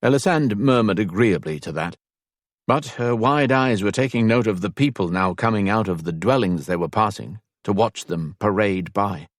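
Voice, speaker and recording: A man narrating an audiobook in measured, even storytelling. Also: lowish voice, dry recording, clean studio sound. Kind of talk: scripted narration.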